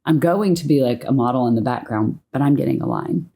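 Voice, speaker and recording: Low, husky Southern-born woman telling stories. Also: fairly quick. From Tennessee, United States. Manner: animated storyteller, laughs often. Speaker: podcast guest. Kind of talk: casual interview storytelling.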